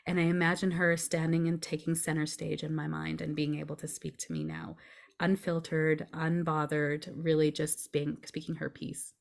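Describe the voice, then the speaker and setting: Brief: low-pitched woman, grief coach, calm step-by-step explainer on a podcast. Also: moderate pace, vocal fry. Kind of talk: podcast conversation.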